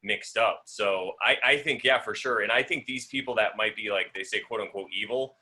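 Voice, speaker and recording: A man's voice: fairly low pitch, normal speed, sharp tone. Earnest man musing in casual chat. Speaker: podcast co-host.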